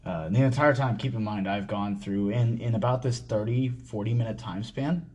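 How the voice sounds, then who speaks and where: A man hosting a podcast, telling a personal story in casual talk, halting and full of swearing and fillers. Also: mid-range voice, darkish tone. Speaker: podcast host.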